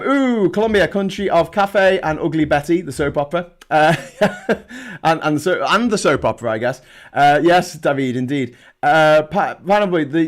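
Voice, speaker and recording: A man hosts a live travel show, chatting casually and sarcastically, rambling with lots of restarts. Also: on the high side. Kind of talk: casual livestream chat.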